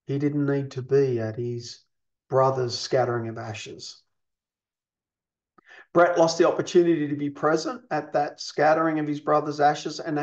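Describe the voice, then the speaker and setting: Man teaching, slightly high voice, muffled. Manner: explanatory, checks in with "you see?" and "okay?". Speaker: counselling instructor. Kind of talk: recorded teaching lesson.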